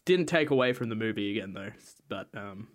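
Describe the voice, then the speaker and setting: A man's voice: lowish voice, lively intonation, brisk. Rambling man chatting about films. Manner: rambling, full of fillers and restarts, swears casually. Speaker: podcast co-host. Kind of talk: casual movie review chat.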